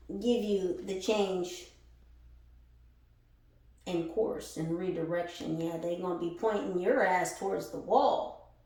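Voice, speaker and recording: A woman's voice: on the low side, slow pace, long pauses, mellow. A woman giving a casual spiritual reading to her followers, blunt and profane, often laughing as she talks. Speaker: spiritual tarot reader. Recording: echoey room, far from the mic.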